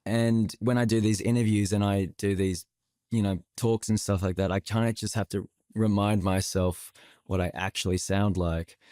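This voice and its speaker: A man's voice: on the low side, moderate pace, dry recording. Chatty Australian man, dry studio sound. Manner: chatty, animated storytelling. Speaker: actor guest. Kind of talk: podcast interview.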